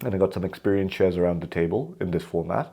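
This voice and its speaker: A Kenyan man appears as a podcast guest, telling stories in a conversational interview and animatedly acting out the quoted dialogue. His voice is low, creaky and slightly rough, and he speaks at a quick pace.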